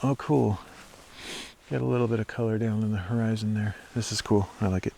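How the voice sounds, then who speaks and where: A man's voice: fairly low pitch, steady tone, fairly quick, creaky, dark tone. A young man outdoors at sunset, musing aloud about scripture with many fillers and restarts, then reading a Bible chapter aloud. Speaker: Bible reader and hiker.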